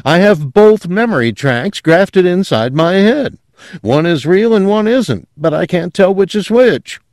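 A man voicing a frantic, desperate man who doubts his own memories, with a husky, shaking voice, in a dry audiobook reading. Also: high-pitched, sing-song, normal speed, darkish tone, dry recording, pitched above the performer's own voice. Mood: anguished. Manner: desperate, pleading.

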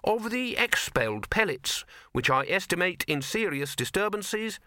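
A fussy, pedantic scholar who lingers over every word of a dense treatise, as a man puts him on. He reads in a slow, raised, precise voice with a bright tone. It is a dry, close storybook reading. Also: sits high, big pitch swings, no room sound, voice pushed up, exaggerated voice.

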